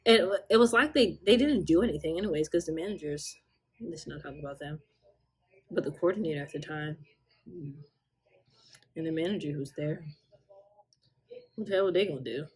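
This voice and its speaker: A woman's voice: low-pitched, fairly quick, pauses often, darkish tone, slightly rough. A young woman vlogger telling a casual storytime with lots of animation, acting out quotes and laughing often.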